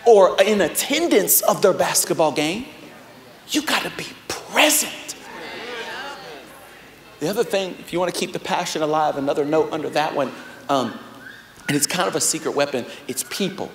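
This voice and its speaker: A young pastor delivers a live sermon in a high voice. He swings between loud exhortation and hushed, soft storytelling. The sound carries the long reverb of a large hall. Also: animated, moderate pace, long pauses. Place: large church auditorium.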